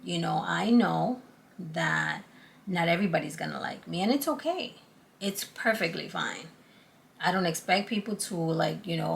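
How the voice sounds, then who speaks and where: A woman's voice: on the low side, very animated, normal speed, gravelly, slight background noise. A middle-aged woman chatting earnestly to her channel's viewers, acting out past conversations as she goes. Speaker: YouTube channel host. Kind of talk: casual talk to camera.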